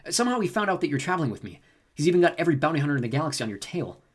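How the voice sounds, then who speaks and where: A man's voice: on the high side, big pitch swings, very fast, voice pushed up. A man voicing an earnest young male hero pilot in an audiobook, with a raised voice.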